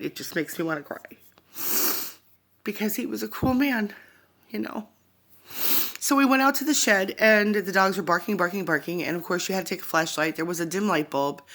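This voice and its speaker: A woman speaking into her phone, telling a personal story in a halting, rambling way that keeps wandering off into asides. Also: on the low side, fairly bright tone. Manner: halting, rambling, often digressing. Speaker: vlogger sharing a personal testimony.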